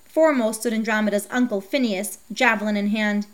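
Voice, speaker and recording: A woman narrating a myth as a storybook reading, with a steady, measured delivery. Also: mid-range voice.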